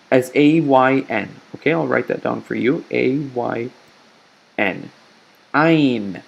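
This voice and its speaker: A man teaching a recorded lesson over slides, patient and slow, often checking in with "okay?". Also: medium pitch, gravelly. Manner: patient, explains slowly, frequent "okay?" check-ins.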